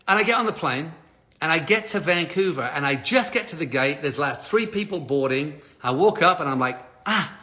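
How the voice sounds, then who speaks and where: Man, fairly high and bright voice, lively live-stream storyteller with laughs and casual swearing. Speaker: motivational speaker.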